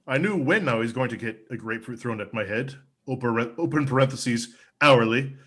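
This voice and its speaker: A man doing a deadpan spoof commercial, with a dry, formal, mock-earnest delivery. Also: medium pitch, normal speed, breathy edge. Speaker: comedian performing a mock ad. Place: home video stream.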